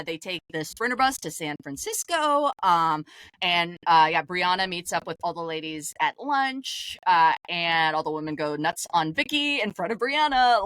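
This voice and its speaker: Woman podcaster, casual recap chat, low voice, dry, laughs often. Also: fairly bright tone, dry recording, poor audio. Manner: chatty, laughing, acts out quotes. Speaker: podcast co-host.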